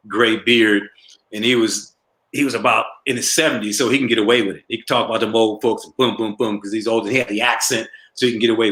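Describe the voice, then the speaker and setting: A middle-aged male comedian tells stories in a casual interview, animated and laughing at his own jokes. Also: mid-range voice. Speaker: comedian guest. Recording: roomy echo.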